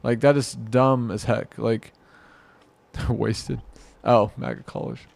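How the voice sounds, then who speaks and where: Exasperated creaky-voiced man ranting. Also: mid-range voice, fairly even intonation, takes it slowly, a little mellow. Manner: exasperated, mocking, muttering to himself with frequent laughs. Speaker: commentary vlogger. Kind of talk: rambling reaction commentary.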